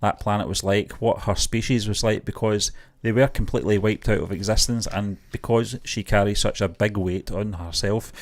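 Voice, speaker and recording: A man with a fairly low voice co-hosting a casual movie podcast. He weighs his views carefully, hedging with fillers as he talks. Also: fairly even intonation. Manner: measured, hedged opinions with fillers. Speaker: co-host of a movie news show.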